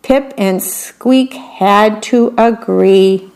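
A woman's voice: medium pitch, drawn-out words, a little mellow. A woman reading a picture book aloud, stopping to comment on what each picture shows. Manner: adds chatty commentary on the pictures. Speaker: story reader.

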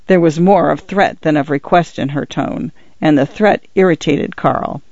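A man narrating a story in a steady, even audiobook reading. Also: fairly high pitch, normal speed, no room sound. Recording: dull, lo-fi dry recording.

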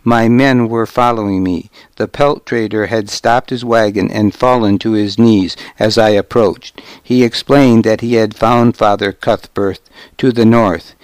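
Slow, measured male storyteller. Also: fairly low pitch, steady tone, darkish tone, smooth, no room sound. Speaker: audiobook narrator. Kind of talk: scripted first-person novel narration.

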